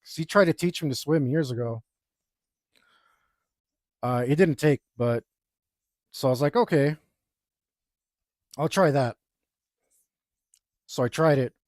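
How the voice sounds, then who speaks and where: A man's voice: medium pitch, normal speed, long pauses, darkish tone, dry recording, clean studio sound. A young man casually telling a rambling, self-deprecating story, with lots of fillers, while he draws. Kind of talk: casual anecdote while drawing.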